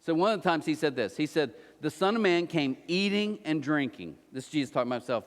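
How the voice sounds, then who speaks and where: A man preaching a conversational sermon who acts out little scenes in quick put-on voices. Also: on the high side, expressive. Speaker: pastor. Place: church auditorium. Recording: long hall reverb.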